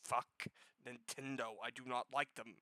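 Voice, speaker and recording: A man hosting a gaming news show with casual commentary, profane and sarcastic, jumping from loud outbursts to low muttering. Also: little pitch movement, a little slow, dry recording, poor audio.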